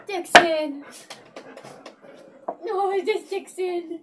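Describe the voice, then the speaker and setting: A woman's voice: high-pitched, very animated, slow pace, long pauses, distant mic, heavy background noise. A young woman vlogging, cooing at her pet dogs in gushing baby talk with frequent laughs. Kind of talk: casual vlog, talking to pet dogs. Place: indoors in a house.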